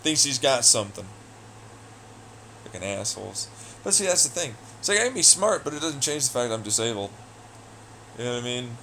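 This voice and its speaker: A man ranting alone in an audio blog, profane, taunting and hostile, swinging between loud jeers and low muttering. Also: animated, quick pace, slight background noise. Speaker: audio blogger. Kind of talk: angry solo rant.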